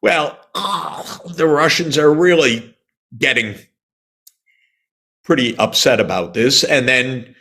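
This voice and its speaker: This older U.S. economist sounds emphatic and indignant as he answers an interviewer, throwing in sarcasm and now and then coughing. His medium-pitched voice is bright and forceful, moving slowly with long pauses.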